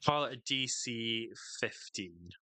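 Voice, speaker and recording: A man narrating as game master of a tabletop game, halting and full of fillers as he describes scenes. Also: medium pitch, expressive, sharp tone, dry recording.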